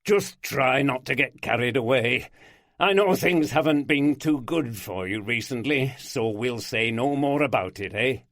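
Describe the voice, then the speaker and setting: A man's voice: mid-range voice, measured pace, fairly bright tone, no echo. Hearty teasing Yorkshire police boss, raised voice, dry close sound, a male narrator doing him. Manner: hearty, chuckling.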